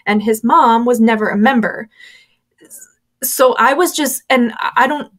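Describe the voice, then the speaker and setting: Her voice sits on the high side, a bit bright and unhurried. She's a former church member being interviewed, recounting a personal story frankly with plenty of fillers while imitating the people she quotes.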